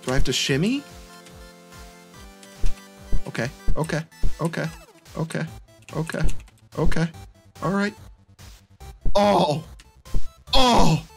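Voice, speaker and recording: A man's voice: fairly high pitch, a little slow, gravelly, pauses often, faint music behind. A young man giving let's-play commentary, muttering in frustration at a hard game and saying "dude" a lot. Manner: says "dude" constantly. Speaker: gaming YouTuber.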